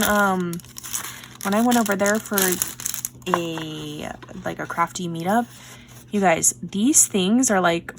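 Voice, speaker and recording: A woman's voice: medium pitch, a little hiss or hum. Gushing woman unboxing craft mail. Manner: gushing, excitable, drops to soft whispers. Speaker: craft vlogger. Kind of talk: casual unboxing chat.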